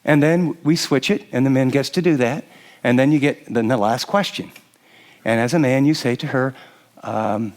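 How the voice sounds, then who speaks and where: An older man preaching to a live audience, animated and conversational, often acting out what a husband or wife might say, with frequent restarts. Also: mid-range voice, moderate pace. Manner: animated, acts out quoted spouses, frequent restarts. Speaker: pastor. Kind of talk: sermon teaching to a live audience.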